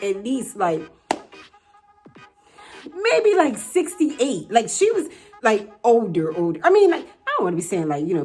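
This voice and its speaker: A young woman vlogger telling a story casually, animated and dramatic, full of "like" and "you know". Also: high voice. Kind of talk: casual storytime while getting dressed.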